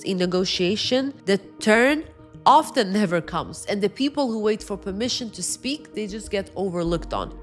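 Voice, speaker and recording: Firm woman coaching on speaking. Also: mid-range voice. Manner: firm, emphatic coaching delivery with demonstrations. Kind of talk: direct-to-camera advice lesson.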